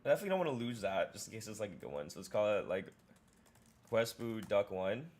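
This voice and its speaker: A man streaming live, chatting casually and excitedly, often repeating and restarting his words. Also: fairly low pitch, quick pace.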